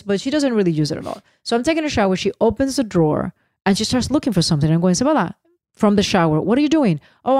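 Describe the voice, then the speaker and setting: Female co-host, 40s, animated storyteller, mellow and quick. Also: medium pitch, no room sound, studio quality. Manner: animated storyteller, acts out quotes. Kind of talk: casual podcast chat.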